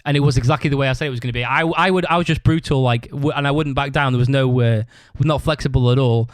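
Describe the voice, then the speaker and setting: A man hosting a podcast rambles through a story in casual chat, swearing constantly and acting out other people's shouted lines. He speaks fast with a medium-pitched voice, and the recording is dry.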